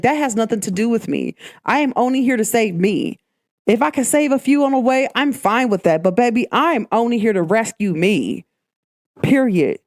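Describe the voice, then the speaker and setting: A woman's voice: medium pitch, no room sound, clean studio sound. A woman hosting a podcast, giving emphatic, preachy spiritual advice in a casual talk. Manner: emphatic and preachy, calls listeners "baby". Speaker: podcast host.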